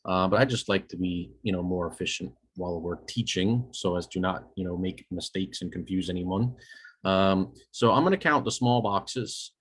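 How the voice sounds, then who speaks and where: A man teaching a recorded lecture over a shared screen, casual and self-correcting, often checking in with "okay?" and dropping dry jokes. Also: on the low side. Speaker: EMS instructor.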